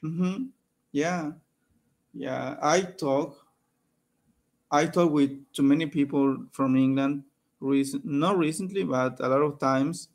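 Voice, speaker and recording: Slow, halting man. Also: on the high side. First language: Spanish. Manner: halting, searching for words. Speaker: English student. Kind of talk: casual online English lesson. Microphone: video call.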